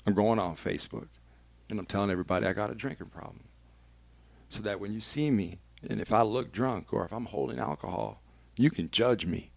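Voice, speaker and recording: A man's voice: on the low side, brisk, creaky, dry recording. A man, a radio personality, telling a candid and emphatic personal story as a podcast guest, swearing freely.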